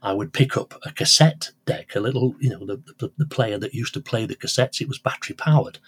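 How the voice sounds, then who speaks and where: A man's voice: medium pitch, fairly quick, slightly rough. An older man, a radio presenter and collector, telling rambling anecdotes in an interview with many restarts. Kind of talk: conversational interview storytelling.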